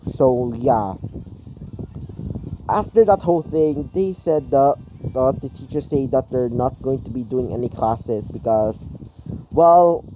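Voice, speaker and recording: A man improvising a fan fiction story aloud, halting with many fillers. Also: mid-range voice, animated, warm tone, a little hiss or hum, rough recording.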